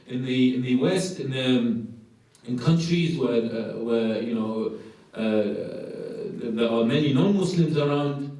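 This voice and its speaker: A man's voice: medium pitch, lively intonation, unhurried, dark tone. A man gives a religious lecture, asking rhetorical questions and acting out voices. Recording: echoey hall from far off.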